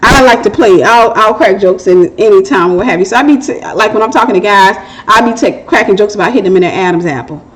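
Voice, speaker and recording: A middle-aged woman talks through a Christian relationship Q&A in an open, conversational way. She shares her own story with candor and keeps cracking jokes at her own expense. Her voice sits at an ordinary pitch for a woman. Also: fast talker, hardly any pauses, rough recording. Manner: candid, joking, laughs at herself. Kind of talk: casual testimony and advice.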